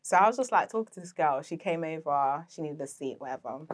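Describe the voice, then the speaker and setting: Speaking quickly and with animation in a voice that sits low, a young adult woman guest on a podcast swaps stories in a relaxed interview. She founded an interior decor brand, and she's chatty, peppered with fillers, and quick to laugh.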